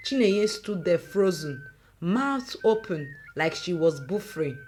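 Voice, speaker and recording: A woman, reading a dramatic folk story aloud in a lively, folksy manner. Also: on the low side, a little slow, a little hiss or hum. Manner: lively folksy narration with local similes. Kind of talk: scripted story narration.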